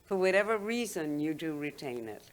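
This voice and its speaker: A woman's voice: deep voice, lively intonation, normal speed. A woman in her seventies with a London accent, a guest who reminisces in a chatty way and often laughs while talking. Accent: London English. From London, England. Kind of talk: reminiscing interview talk.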